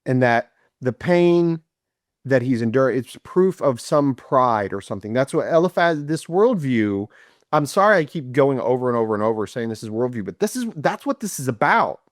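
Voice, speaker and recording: A man's voice: medium pitch, moderate pace, no echo, clean studio sound. A middle-aged man co-hosting a casual Bible study podcast, explaining a passage and acting out quoted speech as he goes. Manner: animated, acts out quoted speech. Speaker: podcast co-host.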